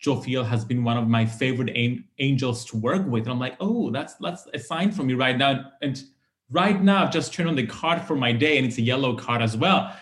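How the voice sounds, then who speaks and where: A man's voice: medium pitch, a little fast, few pauses, a bit bright. A man hosting a podcast interview, talking in an enthusiastic, effusive way. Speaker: podcast host. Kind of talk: casual interview chat.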